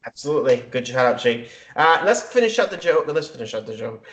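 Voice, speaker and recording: A man's voice: medium pitch, sing-song, fast talker, a bit bright, highs cut off. A man hosting a casual podcast, joking and rambling with plenty of fillers. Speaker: podcast host.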